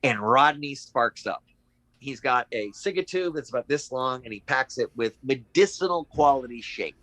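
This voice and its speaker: Middle-aged male guest; bright, forceful delivery, dry recording, animated anecdotes. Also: medium pitch, moderate pace, no echo, rough recording. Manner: animated, acts out quoted voices. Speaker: guest actor. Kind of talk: casual anecdotal storytelling.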